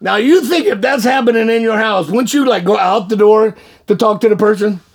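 A man telling his testimony in an animated, folksy way, often laughing and repeating words. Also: sits high, brisk, breathy edge. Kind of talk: animated storytelling.

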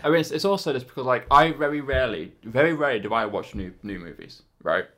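Casual film chat, guy talking fast, restarts a lot. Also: mid-range voice, lively intonation, sharp tone. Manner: rambling, repeats words, laughs often. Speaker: podcast co-host.

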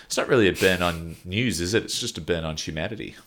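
A man's voice: low voice, fast, fairly bright tone, a little hiss or hum. A man co-hosting a casual podcast, reading out famous quotes with lifted emphasis and laughing often between them. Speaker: podcast co-host.

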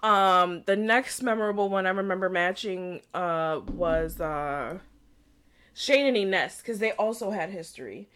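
A woman's voice: mid-range voice, unhurried, a bit bright, clean tone. Laid-back young woman podcast co-host. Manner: laid-back, swears freely, laughs often. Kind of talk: casual chat.

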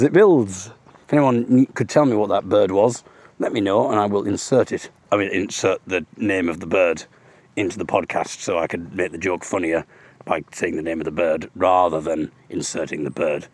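A man's voice: deep voice, normal speed, darkish tone, no echo. A man rambling through a self-mocking comic monologue while walking outdoors along a road, full of jokey asides. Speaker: audio blogger.

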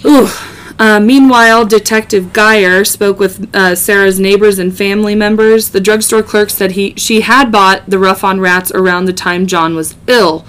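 A woman's voice: medium pitch, fairly even intonation, normal speed, fairly bright tone, clean tone. A woman hosting a podcast, casually narrating a true-crime case with joking asides and many ums. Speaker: podcast host.

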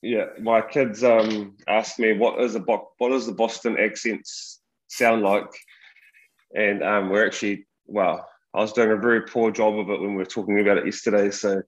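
A man's voice: fairly low pitch, little pitch movement, moderate pace, lo-fi sound. A man with a New Zealand accent, a rugby coach explaining his ideas in a podcast interview, earnest and full of restarts.

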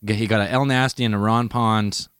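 A man co-hosting a casual podcast, talking in a relaxed, enthusiastic way and swearing freely. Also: on the low side, fairly quick, clean tone, no echo, clean studio sound. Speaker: podcast co-host.

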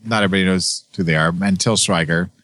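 A man's voice: low voice, fast talker, a bit bright, dry recording. A man in casual chat about a movie, rambling a bit and restarting his sentences.

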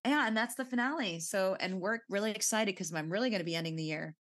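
A woman's voice: medium pitch, fast. A woman co-hosting a podcast, chatting casually and telling a story with lots of acted-out quotes and swearing. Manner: animated storytelling, acts out quotes, swears freely. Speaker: podcast co-host. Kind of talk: casual chat.

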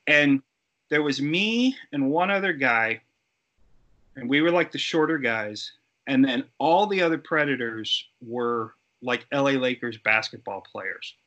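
A middle-aged man, a guest actor, telling lively stories in a casual interview and acting out the people he quotes. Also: mid-range voice, a little slow, lo-fi sound. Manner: animated, acts out quoted voices. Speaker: guest actor and effects artist.

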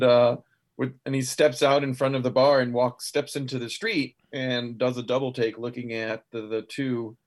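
Male player, mid-pitched, casual, stumbling through his turns. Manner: hesitant, self-correcting. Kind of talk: casual tabletop play.

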